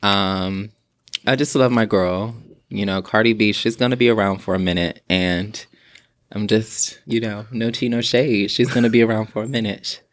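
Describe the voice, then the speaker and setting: A man's voice: lowish voice, fairly even intonation, moderate pace, dry recording. A man co-hosting a casual podcast chat, easygoing and hedging with fillers. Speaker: podcast co-host.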